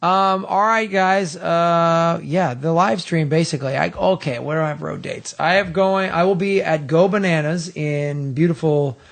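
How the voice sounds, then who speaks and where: A man's voice: a little high, normal speed, vocal fry, few pauses. A man co-hosting a podcast in casual chat, rambling with lots of fillers. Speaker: podcast co-host.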